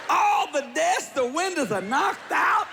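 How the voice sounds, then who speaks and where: Man, preacher, comic story sermon, animated, high-pitched, audible congregation. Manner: animated, laughing while telling, shouting at peaks. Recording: live audience with crowd noise.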